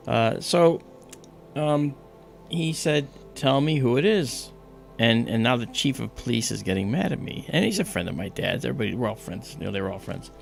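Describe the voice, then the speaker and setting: A man's voice: medium pitch, vocal fry. A man hosting a livestream, telling a childhood story in casual chat and acting out the other people's voices as he goes. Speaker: livestream host.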